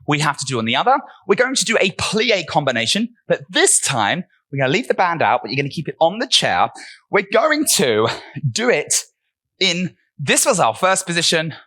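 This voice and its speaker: A man's voice: fairly high pitch, sharp tone. A man coaching a barre workout class, counting reps and cueing moves while out of breath, with upbeat encouragement. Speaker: barre fitness instructor.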